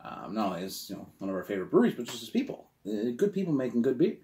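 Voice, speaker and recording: A man reviewing beer in a casual vlog, enthusiastic, swinging from quiet murmurs to loud exclamations. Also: mid-range voice, very animated, very fast.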